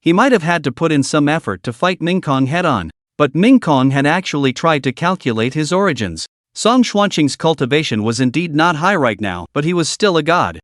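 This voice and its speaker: A man's voice: on the high side, very animated, moderate pace, hardly any pauses, no room sound, clean studio sound. A man narrating a dramatic fantasy story recap in a scripted, storytelling manner.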